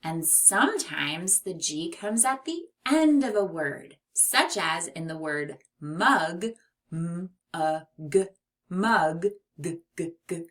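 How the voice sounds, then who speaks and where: A woman teaching young children a phonics lesson, speaking clearly and encouragingly. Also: fairly low pitch, lively intonation, takes it slowly, a bit bright. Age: adult.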